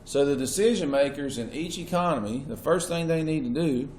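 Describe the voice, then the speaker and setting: A man's voice: on the high side, fairly quick, a little mellow. A man lecturing a class as their teacher, asking questions and stressing key words. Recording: echoey classroom with faint noise.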